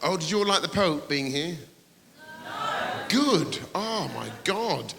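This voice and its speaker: A male stand-up comedian works a live theatre crowd with a lively, swooping delivery, teasing people and jumping into sudden shouted high voices. His voice sits a bit high for a man. It rings through a large hall over loud audience noise. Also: slow, creaky.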